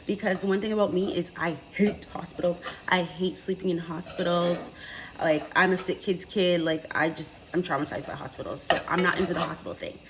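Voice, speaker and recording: A woman telling a personal story in a casual, animated way, acting out what others said to her. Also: lowish voice, fairly quick, poor audio.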